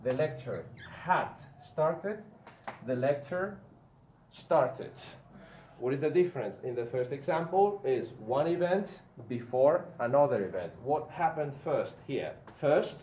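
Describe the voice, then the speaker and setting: A man teaching an English grammar lesson. He explains slowly, repeats and stresses key words one at a time, and keeps checking that the listener follows. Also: mid-range voice, roomy sound, dull audio, a little hiss or hum.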